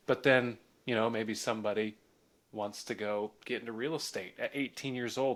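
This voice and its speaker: A man's voice: mid-range voice, steady tone, fairly quick. A man hosting a podcast, asking casual, rambling questions with many fillers. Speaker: podcast host. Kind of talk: casual interview chat.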